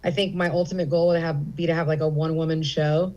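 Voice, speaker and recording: A woman's voice: sits low, level tone, quick pace, a little mellow, muffled recording. A middle-aged woman comedian speaking as an interview guest at a comedy theater, candid and rambling with many fillers. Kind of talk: casual interview chat.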